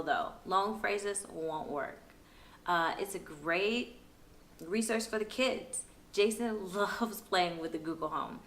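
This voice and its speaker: A woman's voice: medium pitch, fairly bright tone, a little hiss or hum. A young woman giving parenting tips in a casual, upbeat vlog, chatty and laughing easily. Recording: roomy echo.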